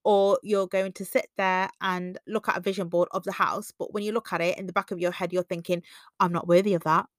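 A woman's voice: level tone, a little fast, few pauses, no room sound, clean studio sound. Chatty woman on self-help. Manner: conversational, acts out quoted voices with big pitch jumps. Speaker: podcast host. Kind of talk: self-help podcast monologue.

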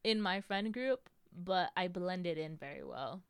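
A woman's voice: lowish voice, animated, a little slow, clear, resonant tone, no echo. A young American woman chatting casually as a podcast host, telling stories with lots of "like" and "you know". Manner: acts out quotes in a raised voice. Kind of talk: casual chat.

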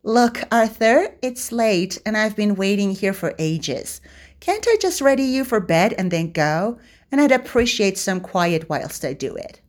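A woman's voice: mid-range voice, lively intonation, unhurried, voice pushed up, natural voice. A woman voicing a cheeky, fretful young male servant who bickers and pleads with his master. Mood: bickering servant.

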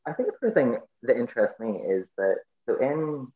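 A man's voice: mid-range voice, very animated, normal speed, reverberant, phone-quality sound. A man with a Northern Irish accent, a podcast guest explaining things thoughtfully in casual talk, with many ums and restarts. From Northern Ireland. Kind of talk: casual interview chat.

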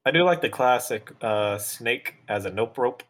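A man's voice: medium pitch, animated, normal speed, fairly bright tone. Easygoing man with a Southern drawl. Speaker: podcast co-host. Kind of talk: casual chat.

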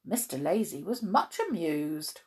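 A woman's voice: lowish voice, very animated, measured pace, slightly rough. A woman reading a children's storybook aloud with dramatic gasps, then chatting cheerfully to listeners.

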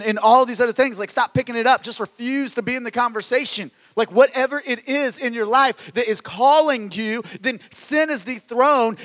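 A man preaching a sermon in an animated way, swinging from loud exclamations to hushed asides, with stammered restarts. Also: extremely high pitch, in a large hall. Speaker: pastor.

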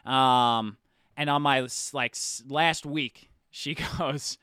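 Young man, podcast co-host, animated storyteller, bright tone, dry sound. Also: medium pitch, takes it slowly, clean tone, no room sound. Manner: animated storyteller, acts out quotes, swears casually. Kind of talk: casual storytelling chat.

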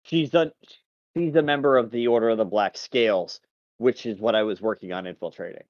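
A man's voice: on the low side, a little fast, dry recording, muffled recording, natural voice. A man playing a captured captain of a lord's guard, answering questions in a plain, matter-of-fact way.

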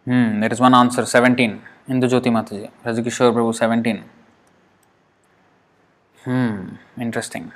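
A man leads an online class over a video call at a middle pitch. He speaks patiently, reads out his students' answers one by one and breaks words into syllables, stretching them slowly as he counts. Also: flat delivery. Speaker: Sanskrit teacher.

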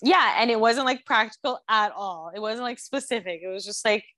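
A woman's voice: a little high, a little fast, sharp tone, dry recording, clean studio sound. A young woman co-hosting a podcast, chatting casually with lots of "like" filler. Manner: casual, filler-heavy, sympathetic. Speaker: podcast co-host. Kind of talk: casual recap chat.

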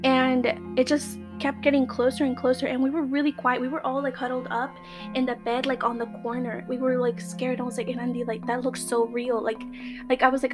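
Woman, slightly high voice, casual spooky storytelling, slangy, music in the background. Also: fairly quick. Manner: excitable, slangy, swears, spills into Spanish. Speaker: guest storyteller.

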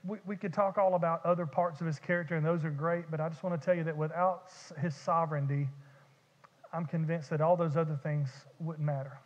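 High-voiced pastor preaching in a reverberant church. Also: male voice, fairly even intonation, brisk. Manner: conversational, repeats and restarts words. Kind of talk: sermon. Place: church sanctuary. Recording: dull lo-fi church recording with long reverb.

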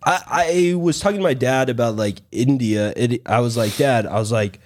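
A man's voice: medium pitch, normal speed. A young man co-hosting a casual podcast chat, rambling with lots of fillers and swearing freely. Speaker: podcast co-host.

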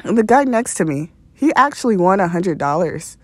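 A woman's voice: medium pitch, very animated, moderate pace, no room sound. A young woman hosting a podcast, telling a rambling story in a casual, profane way and laughing often. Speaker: podcast host.

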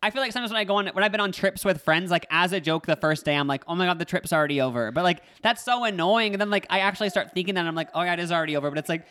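A man's voice: sits high, rapid-fire, hardly any pauses, pushed and bright, clear, resonant tone. A man co-hosting a podcast, telling an awkward story in casual chat and acting out the voices of the people in it. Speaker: podcast co-host.

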